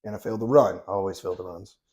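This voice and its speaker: This man in his thirties speaks low and rapid-fire, his tone on the dark side. Guesting on an interview, he tells stories casually, bluntly and easygoing, with lots of cursing.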